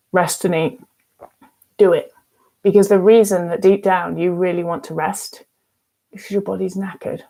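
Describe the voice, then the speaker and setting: A frank woman in her thirties talking straight to camera as a recovery coach. She speaks a little lower than most women. She is emphatic and unfiltered, with the odd swear word. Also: darkish tone. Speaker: eating disorder recovery coach. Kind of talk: casual advice vlog.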